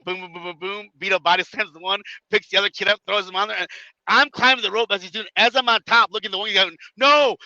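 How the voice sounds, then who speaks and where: Bright, high-voiced man telling stories. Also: fast talker, no room sound, muffled recording. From Chicago area. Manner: animated, acts out quotes, laughs often. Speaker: guest wrestler. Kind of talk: casual podcast storytelling.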